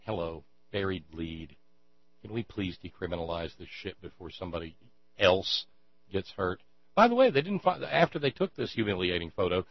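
A commentator with a low, gravelly, slightly rough voice delivers a ranting monologue full of indignation and dry sarcasm, tripping over fillers as he presses his point at a normal speed. The recording is dry, dull, and lo-fi in a close, dead room, with a steady mains hum underneath.

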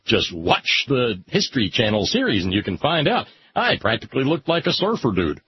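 A man reading aloud with sardonic, deadpan asides. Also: medium pitch, normal speed, breathy edge. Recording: dull lo-fi recording.

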